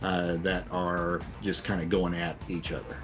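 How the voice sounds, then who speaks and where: A deep-voiced man runs an online tabletop game as game master. He explains rules and the scene patiently, one step at a time, with plenty of "uh" and "um". Faint music plays under his voice. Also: monotone, a little slow.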